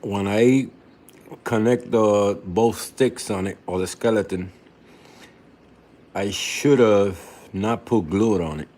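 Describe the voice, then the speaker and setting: A man's voice: lowish voice, slow pace, pauses often, a little mellow. A young man in a casual home vlog, rambling with many restarts as he shows his aquarium, sometimes talking with his mouth full. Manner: rambling, restarts often, talks while eating. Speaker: reef tank hobbyist vlogger.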